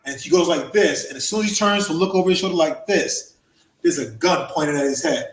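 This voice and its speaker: A man telling a story on a podcast in an animated way, acting out the voices in quick bursts. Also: a little high, roomy sound, rough recording. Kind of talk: casual storytelling.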